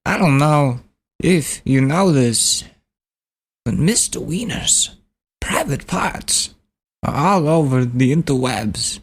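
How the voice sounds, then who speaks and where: A deadpan prank caller , as a man puts him on, who stretches each word out with strange pauses and stresses. The voice sits much higher than the man's own and comes out noticeably slow, with a changed, thinner timbre. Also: husky, full character voice. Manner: drawn-out, oddly stressed phrasing. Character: slow, oddly halting male celebrity prank caller.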